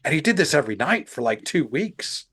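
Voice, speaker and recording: A man's voice: a little high, sing-song, a little fast, fairly bright tone, breathy edge. A male podcast host chatting casually in an interview. He tells long stories in a rambling way, circling back and restarting his sentences as he goes. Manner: rambling, self-correcting storyteller.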